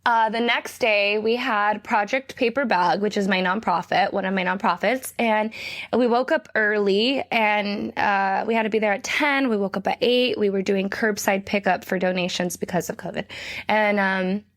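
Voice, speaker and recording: A woman's voice: medium pitch, steady tone, moderate pace, fairly bright tone. A woman co-hosting a podcast, telling her own story in a candid, blunt way with frequent laughter. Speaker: podcast co-host. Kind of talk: casual chat.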